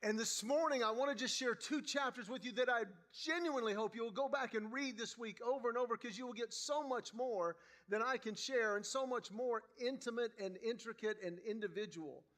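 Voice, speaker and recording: Guy with a pretty high voice preaching, storytelling style, acts out the dialogue. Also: moderate pace, few pauses. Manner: animated storyteller acting out dialogue. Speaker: guest preacher. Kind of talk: storytelling sermon. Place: church.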